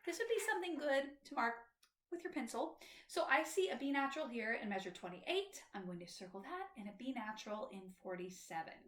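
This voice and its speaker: A woman's voice: a little high, big pitch swings, fairly quick, fairly bright tone, reverberant. A woman flute instructor patiently explaining music to young students in a tutorial.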